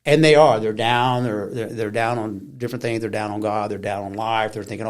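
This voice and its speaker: A man's voice: fairly low pitch, a little fast, few pauses. A middle-aged man telling stories as an interview guest, often acting out the voices of people he quotes. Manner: animated storyteller who acts out quoted voices. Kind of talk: conversational interview storytelling.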